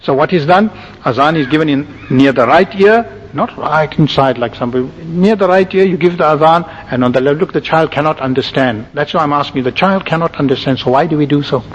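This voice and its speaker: A man's voice: fairly high pitch, fairly quick, a little hiss or hum. A man giving a religious lecture, instructing his listeners step by step and checking in with "all right?" as he goes. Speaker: Islamic preacher. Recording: dull lo-fi recording with long hall reverb.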